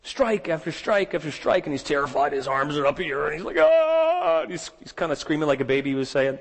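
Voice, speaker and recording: Preaching man in a reverberant hall. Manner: storytelling, rising pitch in dramatic moments, slowing on key words. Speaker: pastor. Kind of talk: sermon.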